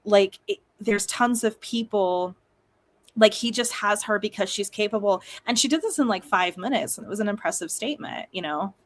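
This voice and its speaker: Woman host, young adult, casual chat, mid-pitched voice, laughs often. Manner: chatty, laughs often, quick asides.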